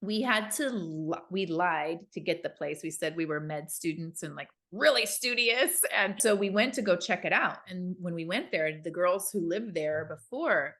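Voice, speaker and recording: A woman co-hosting a podcast, telling a personal story in a casual, animated chat and acting out the voices of the people in it. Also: fairly low pitch, normal speed, few pauses. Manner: animated, acts out quoted voices. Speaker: podcast co-host.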